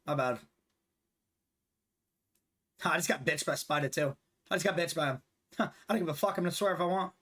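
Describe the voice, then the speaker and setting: A man's voice: fairly high pitch, moderate pace, long pauses, a bit bright. A man in his twenties chatting casually and profanely while streaming a basketball video game with teammates. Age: 20s. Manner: loose, profane, rambling banter. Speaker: gaming streamer. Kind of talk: casual live-stream chat during gameplay.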